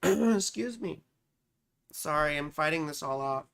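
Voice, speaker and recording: A woman's voice: low-pitched, lively intonation, unhurried, vocal fry. A woman astrologer giving a casual live-stream reading, chatty and profane, who keeps answering her chat.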